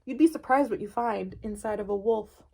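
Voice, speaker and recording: A woman's voice: mid-range voice, a little fast, creaky, dark tone. A woman voicing a self-assured male duck while reading a picture book aloud. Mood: smug. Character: calm, smug male duck living in a wolf.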